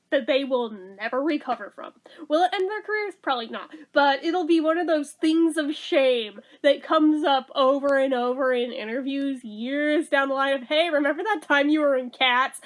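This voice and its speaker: A woman giving a casual movie review, sarcastic and blunt, swearing freely. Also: high-pitched.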